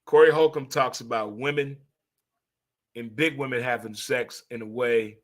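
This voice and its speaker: A man from St. Louis hosting a casual monologue, animated and preachy, swearing freely as he gives pep talks. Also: medium pitch, moderate pace. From St. Louis, USA. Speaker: host.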